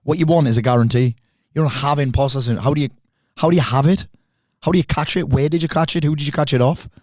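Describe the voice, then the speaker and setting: A man, a podcast guest talking bluntly and fast, with lots of swearing. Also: on the high side, a little mellow, no echo. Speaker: podcast guest, speaker and coach. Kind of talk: candid conversation.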